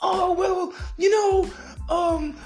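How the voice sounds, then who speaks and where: A man mocking a flaky friend in a high, sing-song falsetto. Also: steady tone, very slow, soft background music, full character voice.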